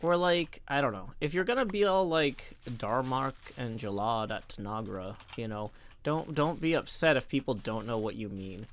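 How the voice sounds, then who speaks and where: Guy streaming and chatting to his viewers, wry joking asides, relaxed rambling talk. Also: mid-range voice, moderate pace. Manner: chatty, reads chat aloud, wry asides. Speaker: livestreamer. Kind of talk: casual livestream chat.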